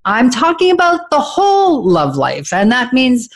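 A woman's voice: high-pitched, huge pitch swings, unhurried. Frank, chatty woman host. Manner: frank, chatty, laughs easily. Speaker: talk show host. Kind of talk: frank talk show chat about relationships.

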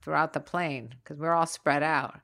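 A woman's voice: deep voice, fairly even intonation, normal speed, fairly bright tone. A woman in casual chat, indignant and sarcastic, laughing often at the story.

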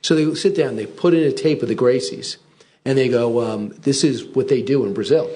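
A man hosting a casual chat, telling lively anecdotes and acting out the voices in them. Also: mid-range voice, moderate pace. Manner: animated anecdote teller, acts out voices. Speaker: host.

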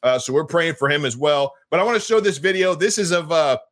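A Christian podcast host chats casually with his guest and slips easily into praying aloud, speaking with emphatic fervor and often doubling his words. His voice is fairly high and a bit bright, lively in intonation, and he talks fast.

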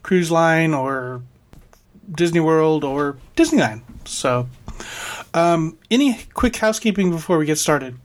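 A man's voice: fairly high pitch, lively intonation, measured pace. A man hosting a casual podcast, reading announcements in an upbeat, announcer-like way and chatting with his co-hosts. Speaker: podcast host.

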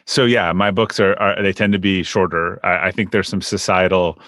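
A man hosting a podcast interview, relaxed and casual, often repeating words as he starts a sentence. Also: deep voice, moderate pace, dry recording, studio quality. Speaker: podcast host.

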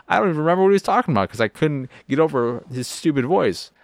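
A man's voice: fairly high pitch, animated, fast, few pauses, no room sound, studio quality. A man hosting a podcast, chatting casually and profanely about video games and acting out scenes as he talks. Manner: rambling and profane, acts out scenes. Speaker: podcast host. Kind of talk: casual video game chat.

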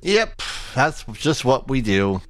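A man's voice: mid-range voice, sing-song, slow pace, fairly bright tone. A man hosting a casual podcast, going through a list of releases in a dry, matter-of-fact way. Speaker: podcast host reading release news. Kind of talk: casual chat.

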